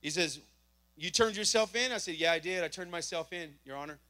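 A man giving a church testimony, telling his story with lively acted-out dialogue. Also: high-pitched, a little fast. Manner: animated storytelling, acting out dialogue. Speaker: testimony speaker.

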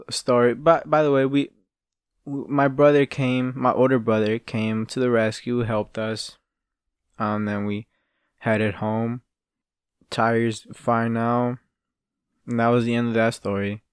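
A man's voice: medium pitch, smooth, no room sound, clean studio sound. A man hosting his own podcast, telling stories in a rambling, profane and casual way. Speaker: podcast host. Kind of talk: casual solo storytelling.

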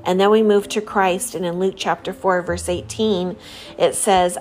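A woman giving a devotional talk in an earnest, measured way, reading scripture passages aloud between her own reflections. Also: on the low side, fairly even intonation. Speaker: religious speaker. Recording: faint music behind the voice.

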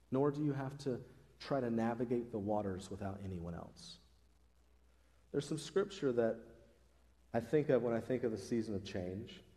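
In a large church sanctuary, a pastor preaches a sermon in a warm, mid-range voice. He speaks earnestly and conversationally, raising his voice for emphasis.

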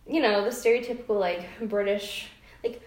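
A woman's voice: medium pitch, moderate pace. A woman chatting casually on a podcast, gossiping playfully and laughing often. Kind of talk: casual chat. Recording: roomy echo.

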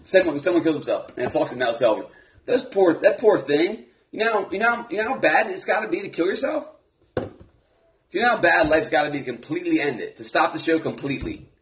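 A man in casual, profane conversation, animated and acting out the voices of people he quotes. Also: fairly high pitch, fast talker. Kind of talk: casual chat.

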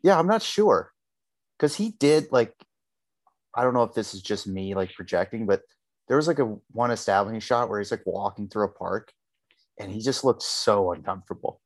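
A man's voice: lowish voice, animated, normal speed, no echo. A man co-hosting a podcast, chatting loosely about a TV episode and swearing freely. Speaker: podcast co-host. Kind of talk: casual chat.

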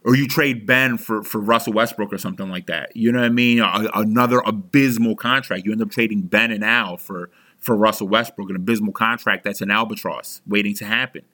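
Hosting a sports podcast, a young man with a fairly low, bright, forceful voice talks fairly quickly with even intonation. It is an angry fan rant: heated, profane, and full of restarts.

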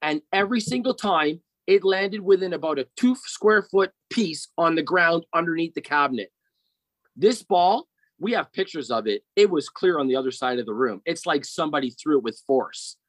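A middle-aged man tells a long personal story as a podcast guest. His voice sits a little high for a man, and the sound is dry and close with no room echo. He rambles in a loose way and keeps checking in with his listener. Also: animated, moderate pace. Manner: rambling, often checks in with "right?".

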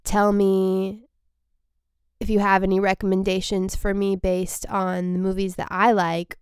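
Rambling young woman comedian, crisp dry voice. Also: medium pitch, little pitch movement, normal speed, no room sound. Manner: rambling, self-deprecating, frequent restarts. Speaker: comedian and podcast host. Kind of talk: casual solo podcast chat.

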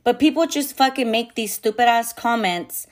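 A woman's voice: fairly high pitch, moderate pace. A woman hosting a podcast and talking candidly and bluntly, with heavy swearing, lots of fillers and Spanish phrases mixed in. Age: adult mother. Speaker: podcast host. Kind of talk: candid casual monologue.

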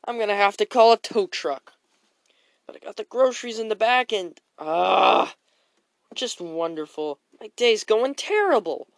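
A woman's voice: medium pitch, expressive, a little slow, creaky, no echo. A woman voicing George, a frazzled everyday man who sighs and mutters to himself in a homemade audio story. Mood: grumbling. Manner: grumbling, sighing, muttering to himself.

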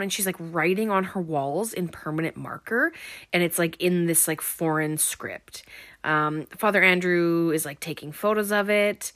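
A woman's voice: lowish voice, a bit bright, no room sound. A woman giving a casual, rambling film recap, full of "um" and "like".

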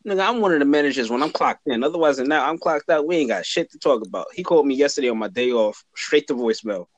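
A man's voice: medium pitch, lively intonation, fast, no room sound. A young man in casual chat on a podcast, talking bluntly and laid-back, swearing freely. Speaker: podcast co-host, cousin.

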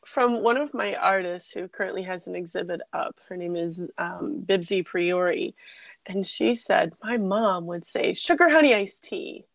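A woman co-hosting a casual podcast, halting and giggly, often restarting her sentences. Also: lowish voice, vocal fry, no room sound, highs cut off. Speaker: podcast co-host.

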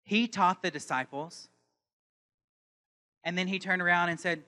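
A pastor preaches to his congregation in a sermon, his voice high and bright. A long reverb trails each line through the church hall. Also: normal speed, pauses often. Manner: builds from calm teaching to loud impassioned preaching.

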